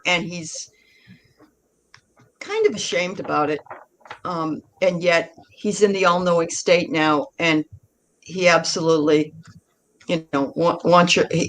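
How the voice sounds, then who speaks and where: A woman's voice: lowish voice, fairly bright tone, slight background noise, low-quality recording. A woman hosting a spiritual talk show, conversational and thinking aloud as she relays messages. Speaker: show host.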